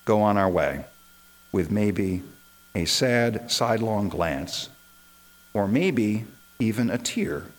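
A man's voice: on the low side, poor audio. A man, a minister, delivering an impassioned sermon built on rhetorical repetition.

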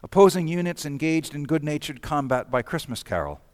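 A man giving measured, scripted narration of a historical documentary. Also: on the high side, expressive, no echo. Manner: measured, storytelling delivery.

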